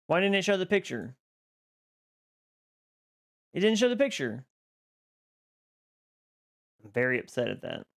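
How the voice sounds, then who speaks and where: A live streamer on a boom mic, chatting casually with viewers, greeting them by name and laughing often. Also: sing-song, unhurried, vocal fry, pauses often.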